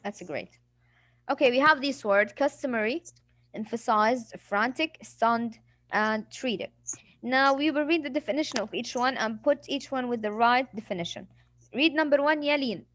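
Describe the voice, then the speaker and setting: A woman's voice: fairly high pitch, moderate pace, fairly bright tone, no room sound. Female English teacher, patient and explanatory, dry close recording. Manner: patient explaining, acts out examples. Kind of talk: classroom vocabulary lesson.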